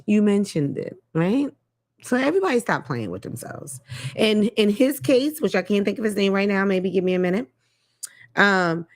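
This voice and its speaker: Animated, profane woman host. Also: on the high side. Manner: blunt, profane, animated, laughs often. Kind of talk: casual commentary monologue.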